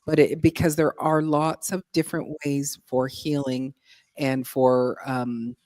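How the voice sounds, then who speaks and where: A woman talking casually on a live stream, thoughtful and halting as she works through her points. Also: extremely low pitch, flat delivery, a little mellow, dry recording.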